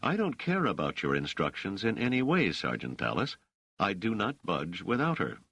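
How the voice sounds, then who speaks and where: A man's voice: low voice, huge pitch swings, normal speed, a bit bright, slightly rough, dry recording, voice pushed up, full character voice. A man voicing an indignant male scholar in an audiobook, speaking with clipped anger. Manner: angry, clipped.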